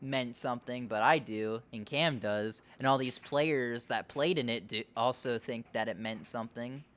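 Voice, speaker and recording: A man's voice: mid-range voice, normal speed, a bit bright. A man hosting a podcast in a loose, rambling chat, swearing and laughing easily. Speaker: podcast host. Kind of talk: casual chat.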